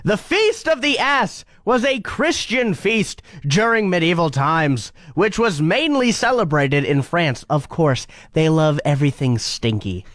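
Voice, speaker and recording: Animated teasing podcast co-host. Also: mid-range voice, a little slow, few pauses, no room sound, studio quality. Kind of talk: casual chat.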